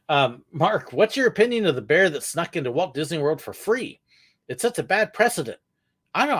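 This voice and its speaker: A man's voice: a little high, sing-song, moderate pace, pauses often, a bit bright, slightly rough. Chatty punning man hosting a live Q&A. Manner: chatty, rambling, cracks corny puns. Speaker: livestream host answering viewer questions. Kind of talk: casual live Q&A chat.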